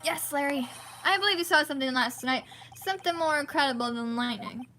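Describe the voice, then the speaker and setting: A cool, probing male prosecutor questions a witness in a game, read out by a woman. His lines come dry and pointed in a bright, high voice. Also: brisk, faint music behind.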